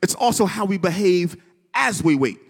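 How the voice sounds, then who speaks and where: A man's voice: high-pitched, expressive, normal speed, slightly rough, big-room sound. A man preaching a sermon with rhythmic repetition, calling on the congregation to respond. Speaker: pastor.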